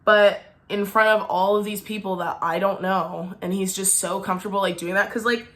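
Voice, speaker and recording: Young woman vlogger ranting about a date, lots of "like", mid pitch. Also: steady tone, normal speed. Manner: chatty, peppered with "like", indignant. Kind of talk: storytime vlog.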